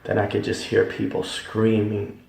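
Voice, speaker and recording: A man's voice: on the low side, completely flat delivery, a little slow, vocal fry, darkish tone. A man giving a religious testimony, telling his story in an emphatic, repetitive, dramatic way. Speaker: testimony speaker. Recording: echoey room, voice from far off.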